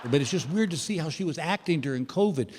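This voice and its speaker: A man's voice: fairly high pitch, quick pace. A man in his sixties doing stand-up, telling stories and talking to the crowd in a theater. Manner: storytelling, animated, addresses the crowd. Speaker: stand-up comedian. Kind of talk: stand-up comedy. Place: theater stage. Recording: long theater reverb, faint noise.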